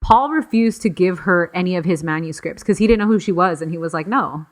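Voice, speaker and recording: A woman with a slightly low voice narrates a story in loose podcast chat. She acts out the quotes in quick, playful voices and keeps the tone casual and conversational. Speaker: podcast co-host.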